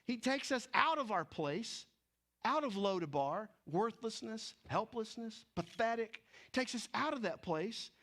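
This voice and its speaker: A man preaching a sermon, with animated delivery that swings between loud emphasis and hushed, low stretches. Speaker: pastor.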